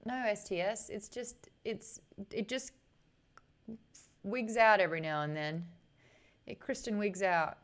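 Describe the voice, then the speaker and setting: A woman's voice: medium pitch, fairly even intonation. Bubbly young Australian woman streamer. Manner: chatty, bubbly, quick to laugh. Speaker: live streamer. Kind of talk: casual live-stream chat, reading viewer comments aloud.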